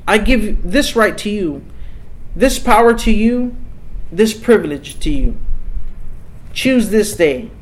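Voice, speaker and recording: A man's voice: high-pitched, animated, slow, pauses often, rough recording. A man preaching a sermon in an earnest, emphatic way, repeating key phrases for weight.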